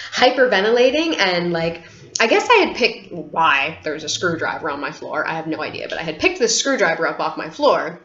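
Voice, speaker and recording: Speaking to camera, a woman vlogger rambles candidly through a personal story, dropping plenty of "like" fillers and swearing freely. Her voice is on the low side with a slight brightness, captured in a roomy, dull, lo-fi home recording.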